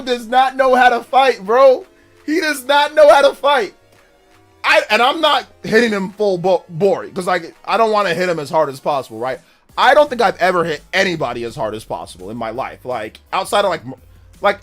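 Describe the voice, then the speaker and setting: A young man hosting a livestream, casually telling a story in slang and acting out the voices of the people in it. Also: high voice. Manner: animated, slangy, acts out voices in his story. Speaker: livestream host.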